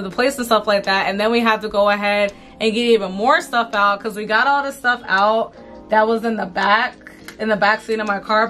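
Young woman, beauty vlogger, indignant storytime, bright tense voice, slangy and repetitive, faint music behind. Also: fairly high pitch. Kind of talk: storytime chat while doing makeup.

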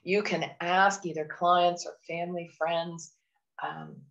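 A woman's voice: on the low side, steady tone, takes it slowly, fairly bright tone, dull audio. A woman from Canada who trains people on phone calls, speaking to a webinar audience in an earnest, encouraging way and often adding "you know". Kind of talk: webinar presentation.

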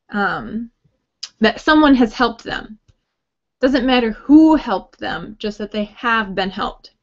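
Slow-speaking woman teaching grammar. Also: fairly high pitch, muffled recording. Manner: friendly, explanatory, light joking asides. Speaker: writing workshop teacher. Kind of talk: recorded grammar lesson talk.

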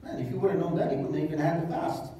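A man preaching a sermon as pastor, retelling scripture in a casual, joking way with animated asides. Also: fairly high pitch, racing, slight background noise. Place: church hall. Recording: echoey hall, mic at a distance.

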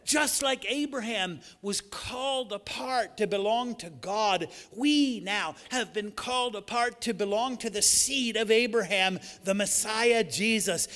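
A man preaching with a notably high voice, his words ringing out through a church with a long reverb. His delivery is emphatic, climbing to loud, repeated declarations. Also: a little slow, few pauses. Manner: emphatic preaching that swells to shouted repetitions. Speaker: pastor. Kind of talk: sermon. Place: church sanctuary.

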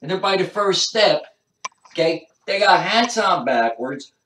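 A man's voice: high-pitched, animated, a little slow, a bit bright, distant mic, slight background noise. Rambling New man telling stories. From New Jersey. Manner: rambling, repetitive storytelling. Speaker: comedian. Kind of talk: stand-up storytelling. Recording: echoey room, voice off-mic.

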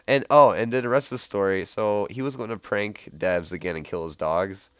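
A man getting over a cold, chatting casually while playing a game and telling animated stories with lots of laughing. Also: lowish voice, brisk, clear, resonant tone, no echo, studio quality. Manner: animated storyteller, laughs often. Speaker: gamer. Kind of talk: casual gameplay chat.

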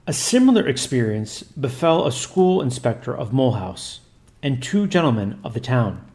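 A man narrating a religious history as a storyteller, in a steady, formal reading voice. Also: mid-range voice, normal speed.

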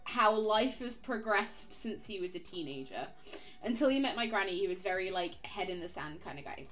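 Lively giggly woman streamer. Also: medium pitch. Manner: animated, giggly, swearing storyteller. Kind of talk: casual chat while gaming.

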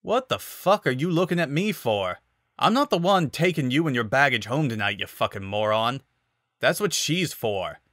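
A man's voice: medium pitch, animated, normal speed, fairly bright tone, no room sound, clean studio sound, voice pushed up, natural voice. A man voicing a drunk, surly male bird mercenary who snarls crude insults, in a dramatic fan reading. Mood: contemptuous snarl.

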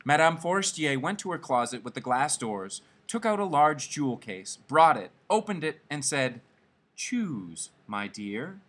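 A man reading a classic short story aloud, in an expressive, dramatic manner. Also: a little high, moderate pace, hardly any pauses. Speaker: story reader.

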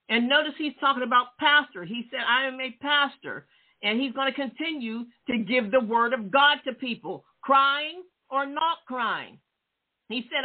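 Fervent woman pastor on a tinny phone line. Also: high voice. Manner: preachy, fervent, peppered with "Amen". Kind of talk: sermon. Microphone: phone line, radio call-in show.

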